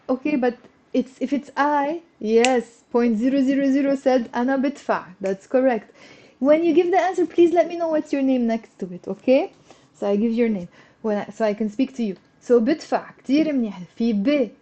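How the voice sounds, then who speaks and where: A woman's voice: high-pitched, dark tone. A woman with a Lebanese accent teaching a live online Arabic lesson. She keeps asking students to repeat after her and answer. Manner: coaxing, asks for student replies. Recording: dull lo-fi livestream audio.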